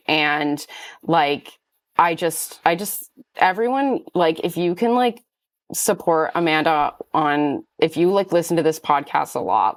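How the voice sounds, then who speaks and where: A woman's voice: sits low, a little slow. A woman who runs a small clothing business, a podcast guest talking in a heartfelt, rambling way with many "like" fillers. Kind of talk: casual conversational podcast chat.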